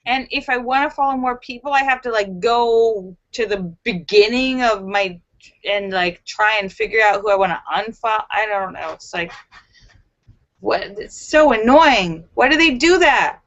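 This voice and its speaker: A woman's voice: mid-range voice, moderate pace, a bit bright, highs cut off. A woman hosting a casual live stream, chatting, reading viewer comments and telling jokes with frequent giggles.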